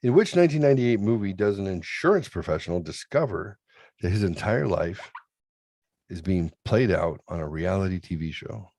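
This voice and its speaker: In studio-quality audio with no room sound, a man with a low, darkish voice talks animatedly at a moderate pace. He's a podcast host running a talk show full of crude comedic chat, profane and rambling, often acting out other people's voices in his anecdotes.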